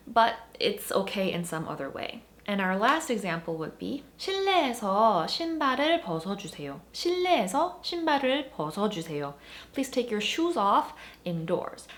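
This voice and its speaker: A woman teaching a grammar lesson online, her voice rising and falling in a lively, animated way. She explains each point with clear emphasis, like a teacher walking viewers through examples. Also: medium pitch. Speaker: Korean language teacher.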